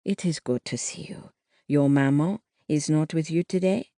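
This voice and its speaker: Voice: medium pitch, moderate pace, warm tone, dry recording, clean studio sound, natural voice. A narrator voicing an older woman shopkeeper who speaks with a faint French accent, in a polite, guarded way.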